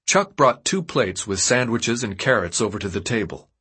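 A man narrating an audiobook in an expressive storytelling manner. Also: on the low side, normal speed, husky. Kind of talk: scripted narration.

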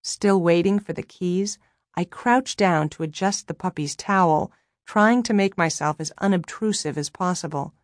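A woman narrating a novel in the first person, in a wry, measured audiobook reading. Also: lowish voice, dry recording, clean studio sound.

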